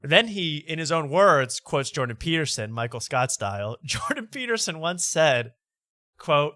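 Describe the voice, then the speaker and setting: A man with a bright, edgy voice hosts a late-night comedy talk show. He mocks what he reads aloud and laughs often. The sound is dry and close. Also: fairly high pitch, sing-song, measured pace, no room sound. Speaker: host.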